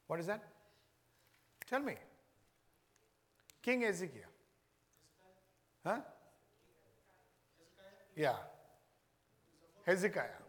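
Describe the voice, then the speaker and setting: A man's voice: high-pitched, sing-song, drawn-out words, long pauses, a bit bright. A man preaching a sermon, repeating his questions to the congregation. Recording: echoey hall reverb.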